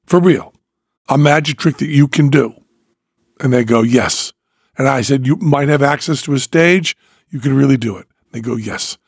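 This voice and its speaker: Gravelly husky man telling rambling stories. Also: medium pitch, normal speed, dry recording, clean studio sound. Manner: rambling storyteller, acts out dialogue. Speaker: podcast host, magician. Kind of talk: casual chat.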